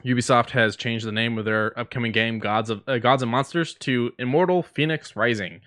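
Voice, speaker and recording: A man's voice: mid-range voice, brisk, fairly bright tone. A man co-hosting a podcast, telling stories and running down news in casual chat with fillers. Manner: storytelling, news rundown with fillers. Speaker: podcast co-host.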